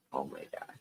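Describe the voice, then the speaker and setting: A man hosting a live stream, chatting with viewers in a low, shaky-voiced mood, halting and restarting as he rambles. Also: darkish tone, no room sound, low-quality recording. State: shaky voice, close to tears. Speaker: livestream host.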